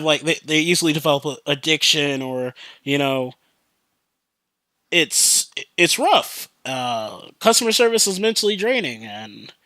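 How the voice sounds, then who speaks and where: A man's voice: on the high side, bright, forceful tone, no echo. A young man hosting a podcast, telling a story in a loose, profane, rambling way with many fillers, and growing earnest on serious topics. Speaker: podcast host. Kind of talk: casual rambling monologue.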